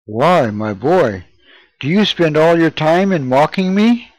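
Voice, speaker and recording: A man's voice: fairly high pitch, sing-song, takes it slowly, no echo, poor audio. A man reading the part of a haughty parish priest who presses a boy with questions. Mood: stern.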